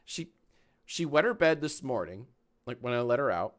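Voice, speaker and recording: A man in his thirties chatting casually on a live stream from a small home office, animated and swearing freely. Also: mid-range voice, normal speed. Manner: animated, swearing, baby talk to his dog.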